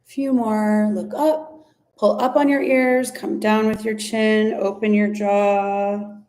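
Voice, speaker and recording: A woman leading a guided ear-massage and breathing practice, speaking gently and unhurriedly, with a few fillers and restarts. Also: medium pitch, level tone, takes it slowly. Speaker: somatic practice instructor. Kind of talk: guided body practice instruction.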